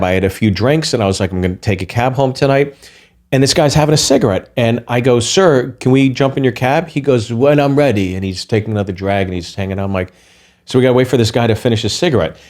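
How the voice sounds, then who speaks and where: A man, a guest comedian, telling a story in lively podcast chat, restarting quickly and acting out quotes. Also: medium pitch.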